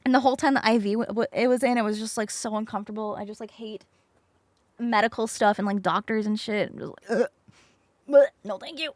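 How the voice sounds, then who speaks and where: A woman streamer telling a story in casual chat, expressive, swearing casually and acting out the people she quotes. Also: medium pitch, fast, no echo. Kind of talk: casual storytelling while crafting.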